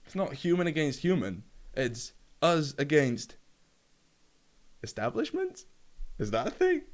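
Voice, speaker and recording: A man talks to a camera alone in his room, ranting with no script. His delivery rambles and stumbles over fillers, and he swears freely as he goes. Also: mid-range voice. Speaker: gaming YouTuber. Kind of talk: unscripted rant to camera.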